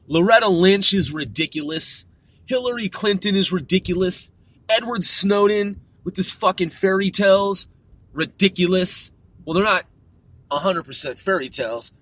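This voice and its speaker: A man delivering a profane political rant, crude and full of swearing, filler words and "dude", swinging from muttering to shouting. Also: sits high, no room sound. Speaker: political commentator.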